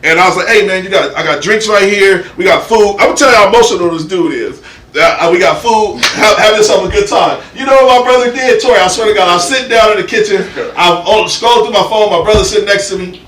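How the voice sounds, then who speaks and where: A man hosts a loose panel chat and tells his stories with animated energy, swearing freely as he goes. His voice sits high, and he sounds a little off-mic in a roomy space with a faint hum behind him. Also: fast, far from the mic. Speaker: podcast host.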